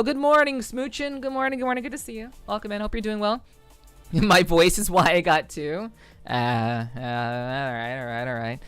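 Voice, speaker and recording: Smooth-voiced American woman streamer chatting. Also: low-pitched, no echo. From United States. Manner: chatty, greets viewers by name, rambles in loose tangents. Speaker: VTuber streamer. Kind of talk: casual live-stream chat with viewers.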